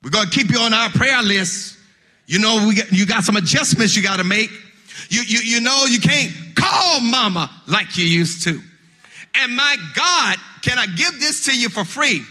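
Preaching pastor with a high, bright voice. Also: male voice, animated, moderate pace. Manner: rhythmic preaching that swells into shouted, sung cadences; repeats words when starting phrases. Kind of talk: funeral sermon. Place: church sanctuary. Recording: long hall reverb.

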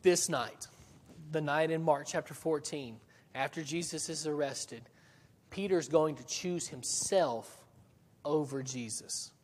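A man's voice: on the high side, slow pace, a little mellow, long reverb tail. A man preaching a sermon in a church, talking in a conversational way with frequent restarts and rhetorical questions. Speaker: pastor.

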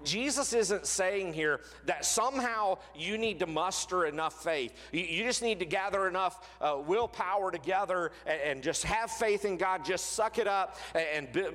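A man's voice: high-pitched, a bit bright. Earnest preacher man, echoing hall. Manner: earnest, slows and drops his voice on key phrases. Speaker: pastor. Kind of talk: sermon. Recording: long reverb of a large hall.

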